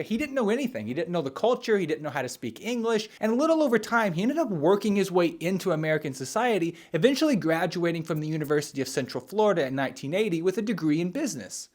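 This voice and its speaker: A young man hosting a video channel, narrating in a chatty, casual way and talking straight to viewers. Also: fairly high pitch. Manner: chatty, animated, talks to viewers as guys. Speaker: YouTube host.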